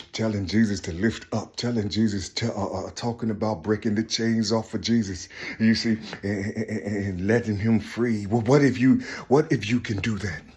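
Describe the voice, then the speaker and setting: Impassioned man preaching, shouting then muttering. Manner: repetitive, swings from high shouting to low muttering. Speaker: self-styled preacher. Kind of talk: impassioned spiritual monologue.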